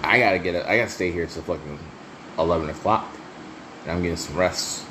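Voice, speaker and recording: Over noticeable background noise, a man with a low-pitched voice speaks a little fast, hosting a solo podcast of casual, crude stories. He frequently breaks into laughter, doesn't hold back on swearing, and is animated and talkative throughout.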